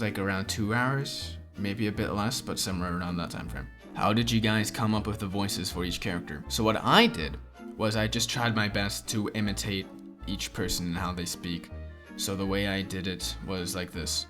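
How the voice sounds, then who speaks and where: A young man with a lowish voice talks through viewer questions in a relaxed, rambling way, dropping in plenty of fillers. Background music plays clearly under his voice. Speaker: channel host answering questions. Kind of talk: casual Q&A chat.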